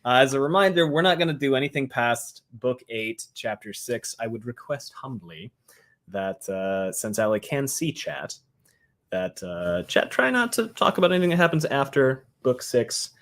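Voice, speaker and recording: A man's voice: mid-range voice, big pitch swings, normal speed, fairly bright tone. A man co-hosting a podcast livestream, explaining game rules casually with many fillers and restarts. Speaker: podcast co-host.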